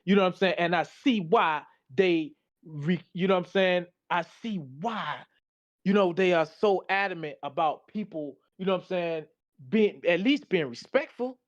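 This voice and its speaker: A man's voice: high voice, moderate pace, dull audio. A tired man giving a casual, slangy presentation, reading slides aloud and reacting to them. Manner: loose, slangy, talks back to the slides.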